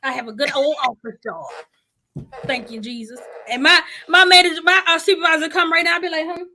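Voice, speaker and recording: A woman hosting a podcast in casual chat, loud and playful, laughing often and cussing freely. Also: high voice, fairly even intonation, fairly quick. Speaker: podcast host.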